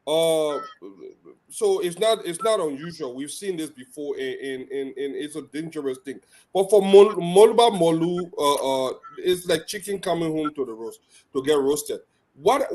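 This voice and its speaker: A man joins a live show as a guest commentator. His voice sits a little high, and he talks haltingly, restarting with repeated words as he builds his point. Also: a little mellow.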